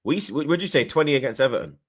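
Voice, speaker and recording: A man, hosting a casual football chat in slangy, animated talk. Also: mid-range voice, rapid-fire. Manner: slangy, animated, swears freely. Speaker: host.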